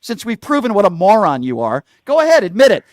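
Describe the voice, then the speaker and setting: A man's voice: sits high, wildly swooping pitch, fast, dry recording, clean studio sound. A male talk show host arguing with a caller, hectoring, insulting him and repeating the same question. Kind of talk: heated call-in argument.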